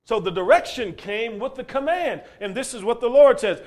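A male preacher with a high voice delivering a sermon. His pitch leaps and dips all over the place, and he moves from ringing calls to soft, low asides. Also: animated, moderate pace, hardly any pauses. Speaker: pastor.

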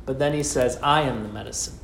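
A man preaching a sermon, asking rhetorical questions and slowing down with dramatic pauses. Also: mid-range voice, vocal fry, fairly bright tone, slight background noise. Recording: echoey room with faint ambience.

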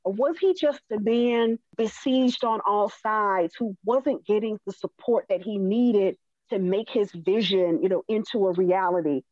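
A woman's voice: medium pitch, a little slow, darkish tone, no echo. A woman thinking aloud about a historical figure in a thoughtful way, with frequent fillers. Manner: thoughtful, many fillers and restarts. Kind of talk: conversational history discussion. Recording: dull dry lo-fi sound.

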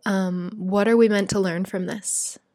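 In a clean, echo-free studio recording, a woman with a mid-range, darkish voice talks through a reflective spiritual monologue at a measured pace and steady tone. She sounds earnest and emotional, chatty and heartfelt, with many "like"s sprinkled in.

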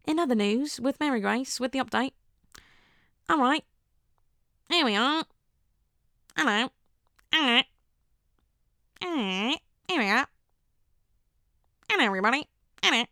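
A woman voicing a mock British television newsreader who gives chirpy, drawn-out greetings in a higher voice. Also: expressive, bright, forceful tone, no room sound, clean studio sound, heavily acted.

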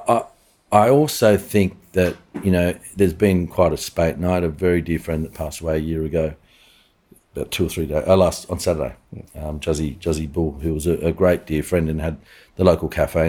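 A middle-aged Australian chef, a podcast guest telling long anecdotes in casual interview talk, with many restarts and fillers. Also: male voice, rumbling low, a little fast, warm tone, husky.

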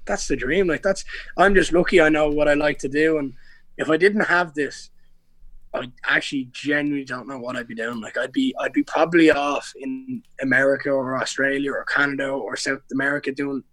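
A young Irish man, a pro MMA fighter, appears as a guest on a casual podcast interview, telling rambling stories full of restarts and slang. His voice is medium in pitch with fairly even intonation, slightly quick and a bit bright, captured in a dry recording.

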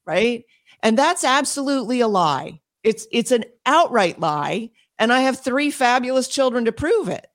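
A woman speaking as an interview guest and homeschool advocate, emphatic and quick, with frequent laughs and restarts. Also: on the high side, sing-song. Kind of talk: passionate interview talk.

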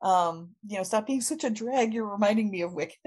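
A woman's voice: mid-range voice, brisk, darkish tone, close to an everyday voice. A woman voicing an eager, insistent young man in a comic recap. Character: eager pushy young man, superhero sidekick.

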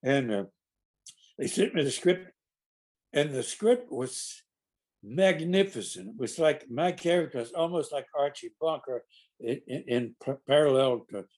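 A man's voice: medium pitch, a little mellow. An older man, an actor, telling rambling anecdotes in conversation, with many restarts and acted-out quotes. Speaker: actor guest.

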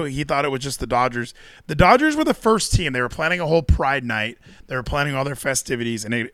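A man's voice: mid-range voice, sharp tone, dry recording. A man co-hosting a casual podcast, ranting with sarcasm and mock quotes. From Texas. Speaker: co-host.

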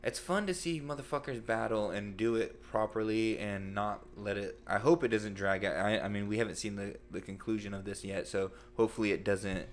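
A man's voice: fairly low pitch, fairly even intonation, a little fast, hardly any pauses, a little hiss or hum. A man hosting a casual podcast chat, rambling with many fillers and blunt opinions.

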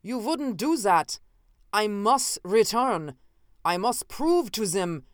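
A man's voice: high voice, drawn-out words, dark tone, clear, resonant tone, no echo, clean studio sound. A narrator voicing a frantic male time-traveling inventor who pleads, then turns mocking. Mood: desperate.

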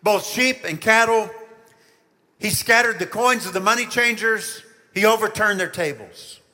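Pastor, male, high and bright voice, animated storyteller addressing children, church reverb. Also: unhurried. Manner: animated storytelling, asks listeners questions. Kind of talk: children's sermon.

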